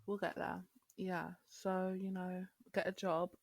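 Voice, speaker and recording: A young woman, a podcast guest chatting casually and filling her talk with "like" and quick laughs. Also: lowish voice, little pitch movement, creaky, dry recording. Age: young adult. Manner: chatty, lots of "like" fillers, laughs easily. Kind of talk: casual chat.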